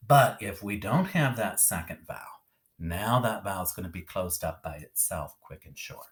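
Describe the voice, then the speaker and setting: A man teaching a phonics lesson on a video, speaking in a lively sing-song teacher voice and often checking in with "okay?". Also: low voice, moderate pace.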